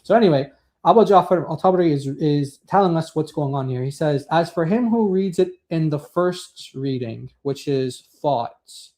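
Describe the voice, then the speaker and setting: A man with a somewhat high, mellow voice talks through a text in casual discussion. He rambles with many fillers and slows down when he reads quotes aloud. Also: animated. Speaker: co-host.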